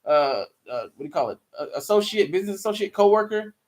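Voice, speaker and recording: Male host, high voice, profane live game commentary, excitable. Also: fast. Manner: profane, excitable, bursts into mocking shouts. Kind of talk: live watch-party commentary.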